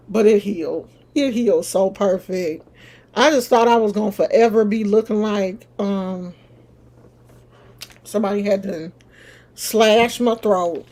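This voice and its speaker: A middle-aged woman, casually telling a personal story straight to her viewers in an animated, chatty way. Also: medium pitch, measured pace. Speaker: vlogger.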